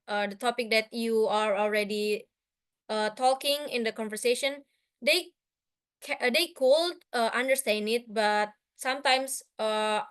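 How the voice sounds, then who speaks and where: A woman's voice: on the high side, smooth. Hesitant young woman with an Indonesian accent. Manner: hesitant, many fillers and restarts. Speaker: guest speaker. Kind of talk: online presentation with slides.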